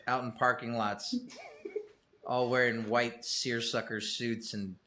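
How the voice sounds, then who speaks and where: A man's voice: medium pitch, level tone, slow pace, bright, forceful tone. A middle-aged man talking as a guest on a podcast, rambling and self-deprecating, swearing casually. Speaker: guest musician.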